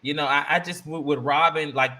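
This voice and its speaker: A man on a podcast panel, chatting casually about a reality show and acting out quotes with big jumps in pitch. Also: fairly even intonation, brisk, bright, forceful tone. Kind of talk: casual reality-TV recap chat.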